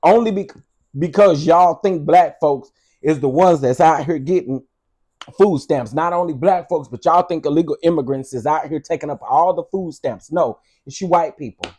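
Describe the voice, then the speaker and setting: A man's voice: fairly high pitch, moderate pace, warm tone, breathy edge. A man hosting a video, ranting in a casual commentary style, sassy, blunt and profane, talking straight to his viewers. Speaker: vlog host.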